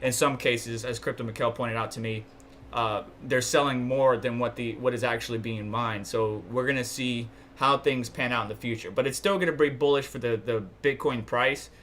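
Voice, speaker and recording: A man's voice: medium pitch, fairly even intonation, normal speed, a bit bright, slight background noise. A man from New York hosting a casual livestream, rambling and thinking aloud while he browses charts and checks chat. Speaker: livestream host.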